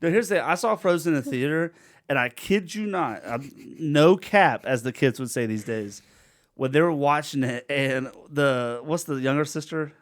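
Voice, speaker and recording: A man in his thirties hosting a casual podcast chat, animated and jokey, bursting into loud sound effects and laughs. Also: a little high, normal speed. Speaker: podcast host.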